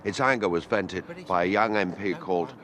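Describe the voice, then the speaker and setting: A man's voice: low voice, normal speed, a bit bright, a little hiss or hum. A man giving grave, portentous mock documentary narration.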